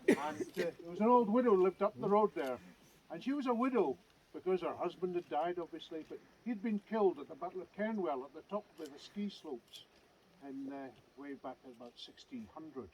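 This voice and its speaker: Lively Scottish storyteller outdoors. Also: male voice, sits high, a little fast, dull audio, slight background noise. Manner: lively, conversational with asides. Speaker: clan society vice president. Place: outdoors by a standing stone.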